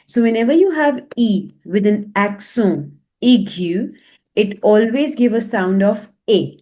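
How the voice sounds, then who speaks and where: A young woman teaching a lesson, repeating each word slowly and breaking it into syllables. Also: medium pitch, animated, darkish tone. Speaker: French teacher. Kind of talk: slow language lesson.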